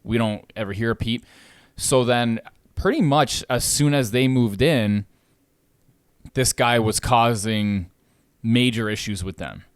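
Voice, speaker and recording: A man talking casually on a podcast, spinning an animated story about a bad tenant. His voice sits in a middle range and he swears freely, building up steam as he goes. The sound is dry and close, with no room around it. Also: mid-range voice, measured pace, clean tone, no echo. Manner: animated storytelling, swears freely, gets louder when riled. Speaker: podcast host, landlord.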